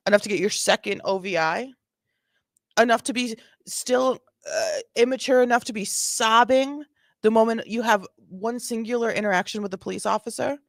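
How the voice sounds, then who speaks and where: A woman's voice: fairly high pitch, normal speed, no room sound, clean studio sound. A woman hosting a casual commentary on bodycam footage, sassy and exasperated, repeating her points. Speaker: host.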